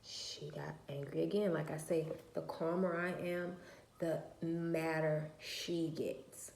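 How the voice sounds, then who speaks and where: A woman with a low voice tells a personal story to the camera in a casual vlog. She is blunt and emphatic, drops into slang and swearing, and acts out what others said. Her voice rings in an echoey room. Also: level tone, slow pace, gravelly, a little mellow, a little hiss or hum. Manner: acts out other people's lines in a higher voice. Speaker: vlogger telling a personal story.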